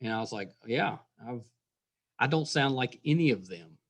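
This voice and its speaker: A middle-aged man with a West Virginia accent, hosting a casual podcast interview, friendly and quick to laugh. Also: mid-range voice, animated. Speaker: podcast host.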